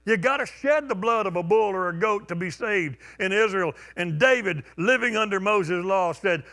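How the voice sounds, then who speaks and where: Male preacher, bright forceful voice, chatty sermon, stammers, hum underneath. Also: high-pitched, moderate pace, hardly any pauses. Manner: conversational preaching, stammering restarts, shouted call-outs. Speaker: pastor. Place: church sanctuary.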